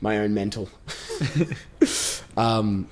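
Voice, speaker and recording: A man's voice: lowish voice, level tone, very slow. Rambling young man. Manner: rambling, restarts sentences, says "like" often. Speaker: podcast co-host. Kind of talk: casual chat.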